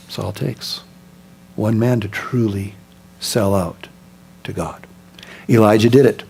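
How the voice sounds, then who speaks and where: A man preaching a sermon as pastor, telling stories in an animated way, acting out scenes and dropping to a soft voice for emphasis. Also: on the low side, measured pace, vocal fry, long pauses, slight background noise. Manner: drops to a soft, quiet voice for emphasis.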